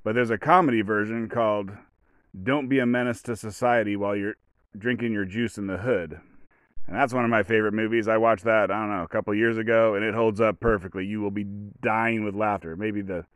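A man's voice: fairly low pitch, a little fast, fairly bright tone, clear, resonant tone, no room sound, studio quality. A man hosting a casual solo podcast, rambling as he retells movie scenes and acts out the quotes. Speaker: podcast host.

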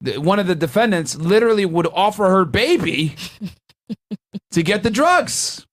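A man, a former prosecutor, giving casual, profane, animated commentary while reacting to a crime documentary. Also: high-pitched, a little slow. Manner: animated, profane, laughing asides.

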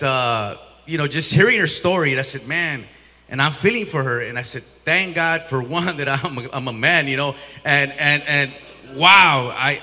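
Man, church testimony, bright voice, long hall reverb, halting then fervent. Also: a little high. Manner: rambling, halting, grows fervent. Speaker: church member giving testimony. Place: church sanctuary.

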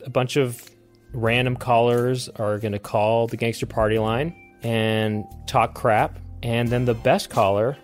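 A man's voice: mid-range voice, fairly even intonation, a little slow, soft background music. A man hosting a comedy podcast, upbeat and laughing in casual chat with his co-hosts. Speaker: podcast host.

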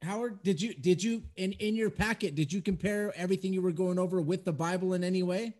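Fast-talking woman in a chat, asks eager questions, sounds a bit far off. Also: fairly low pitch, fairly even intonation, darkish tone. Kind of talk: casual discussion.

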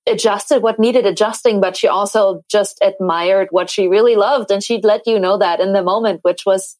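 A woman actress and director, talking at length in an animated, chatty way as a podcast guest. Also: medium pitch, normal speed, no echo, poor audio. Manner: animated, talkative, many fillers and restarts. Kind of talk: casual interview chat.

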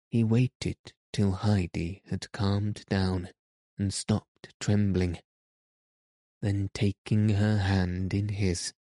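An audiobook narrator with a low voice reads a classic children's story in a measured, even storytelling manner. The scripted narration has clean studio sound with no echo.

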